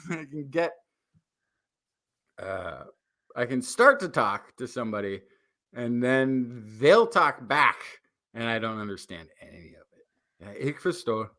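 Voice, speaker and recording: A man co-hosting a science podcast, chatting casually in a rambling, animated way with many restarts. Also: mid-range voice, slow, pauses often. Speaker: podcast co-host. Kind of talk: casual chat.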